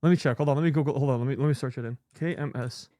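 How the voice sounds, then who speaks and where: A man's voice: medium pitch, rapid-fire, mellow, no echo. A man hosting a live stream, talking casually and in a scattered, muttering way while sorting files, swearing freely now and then. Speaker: streamer host.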